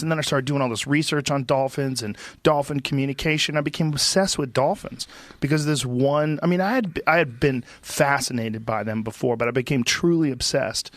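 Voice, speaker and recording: A man hosting a podcast interview, talking in animated, quick bursts and swearing casually. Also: on the high side, dry recording. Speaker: podcast host.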